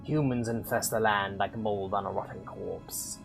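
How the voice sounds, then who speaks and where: A grim undead trainer sneers at a young mage in a low, quiet male voice, as a man reads the quest text. Faint music sits behind him. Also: steady tone, moderate pace, gravelly, rough recording.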